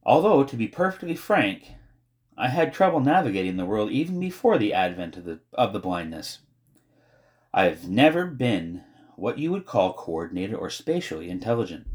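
A man voicing a dreamy, long-winded young boy with a pompous, unhurried way of talking in an audiobook. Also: fairly low pitch, very animated, darkish tone. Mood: musing. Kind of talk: audiobook character voice.

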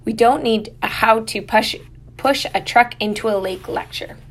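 A woman's voice: a little high, moderate pace. A woman reading a stern older great-aunt. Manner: firm, scolding.

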